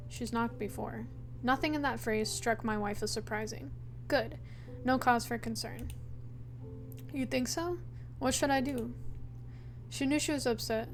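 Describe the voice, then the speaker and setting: A woman streamer playing a horror game, reading the game text aloud and reacting with anxious, nervous laughter. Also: on the high side. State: anxious and jumpy. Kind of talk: horror game let's play. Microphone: headphones with mic.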